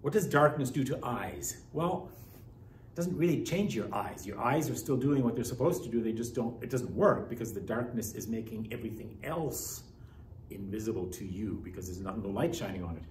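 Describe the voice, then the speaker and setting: A man teaches a Greek class, walking through grammar step by step and posing rhetorical questions, his pitch swinging widely as he explains. His voice is animated and a little mellow at a normal pace. He's far from the mic in an echoey classroom, with faint hiss under the recording.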